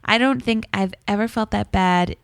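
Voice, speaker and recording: A woman's voice: mid-range voice, normal speed, vocal fry, clean tone, no echo, studio quality. A young woman co-hosting a TV podcast in a playful, bubbly casual chat. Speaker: podcast co-host.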